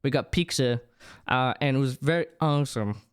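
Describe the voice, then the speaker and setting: A young adult livestreamer chatting casually with viewers, rambling and excitable, with many restarts. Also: medium pitch, moderate pace, smooth. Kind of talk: casual chat with stream viewers.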